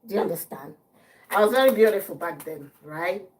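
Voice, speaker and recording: A woman with a Nigerian accent, chatting as a livestream host in her home kitchen, telling a story with lively acted-out quotes. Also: on the low side, fairly quick, very noisy. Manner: lively, acts out quotes, mixes in pidgin.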